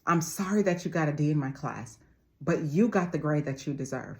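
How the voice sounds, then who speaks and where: A woman voicing a stern, curt female college teacher who speaks firmly and unbendingly, in her own low voice. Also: brisk, mellow. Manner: firm and unbending.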